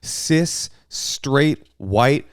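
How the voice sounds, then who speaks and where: A man co-hosts a casual chat podcast, blunt and profane, often breaking into excited rants. His pitch swings widely. The recording is dry and close. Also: very slow, clean tone, no room sound. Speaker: podcast co-host.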